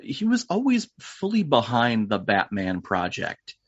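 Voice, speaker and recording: A man's voice: mid-range voice, huge pitch swings, measured pace, slightly rough, dry recording. A man hosting a podcast who explains things casually and speaks straight to the listener. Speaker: podcast host. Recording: dull, lo-fi dry sound.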